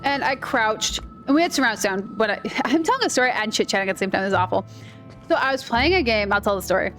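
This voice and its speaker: A woman's voice: on the high side, expressive, fast talker, fairly bright tone, faint music behind. A woman giving casual, rambling commentary while playing a video game and telling stories. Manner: chatty, rambling storyteller. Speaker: gaming video creator. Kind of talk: casual let's-play commentary.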